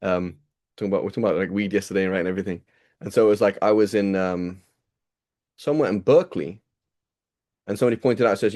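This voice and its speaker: A male teacher talks quickly through a reading with his students, chatty and digressive, often checking in with rhetorical questions. His voice sits fairly low and sounds mellow and dark. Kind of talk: casual classroom reading and explanation.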